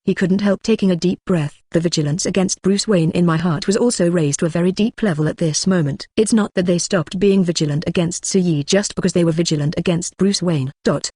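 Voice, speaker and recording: A text-to-speech narrator reading a translated web novel at an even, mid-pitched level. The sound is dry and close, with no room around it. The delivery stays flat throughout. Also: fairly quick, few pauses, breathy edge, no echo. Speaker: audiobook narrator.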